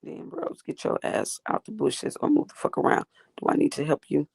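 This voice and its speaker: A woman's voice: deep voice, big pitch swings, normal speed, vocal fry, a little mellow, husky, no echo. Profane ranting woman livestreamer, dry sound. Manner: profane, confrontational, talks back to chat. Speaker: livestream host.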